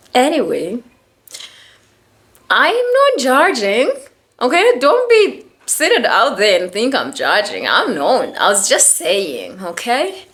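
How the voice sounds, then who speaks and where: A woman's voice: high voice, fairly bright tone. A woman giving casual teasing commentary, hesitant and full of fillers.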